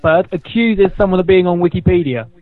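A man's voice: high-pitched, a little fast, no echo. A man joining a casual online quiz as a contestant. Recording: tinny phone-like call line.

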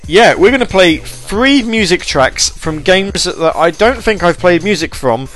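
A man's voice: high voice, animated, measured pace, fairly bright tone, soft background music. A man hosting a podcast alone, rambling and self-deprecating, with many fillers and restarts. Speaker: podcast host. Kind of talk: casual solo podcast chat.

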